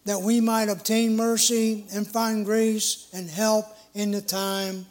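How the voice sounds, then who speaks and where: A middle-aged man preaching a sermon in an earnest, emphatic way, with a measured delivery. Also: high-pitched, flat delivery, darkish tone.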